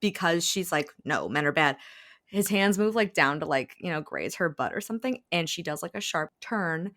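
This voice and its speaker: A woman with a lowish voice retells a romance plot on a podcast, peppering everything with "like" and cheerful swearing. Her delivery is loose and conversational, and she breaks into laughter easily. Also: animated, normal speed, a bit bright. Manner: chatty, profane, filler-heavy with frequent "like". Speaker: podcast co-host. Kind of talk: casual chat.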